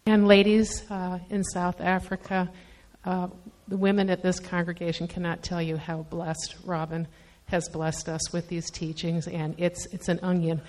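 A woman's voice: lowish voice, level tone, normal speed, a little mellow. A woman in the congregation asking a lighthearted question and speaking up with thanks. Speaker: congregation member. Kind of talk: question from the audience.

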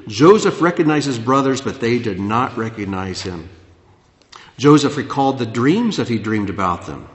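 A man preaching a sermon as pastor, dropping low and soft, then rising loud and animated. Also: normal speed. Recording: echoey hall.

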